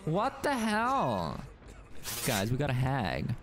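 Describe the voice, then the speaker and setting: A young adult streamer giving live gameplay commentary, excitable, swearing and shrieking often, laughing and taunting teammates. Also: medium pitch, takes it slowly, noisy background. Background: game music.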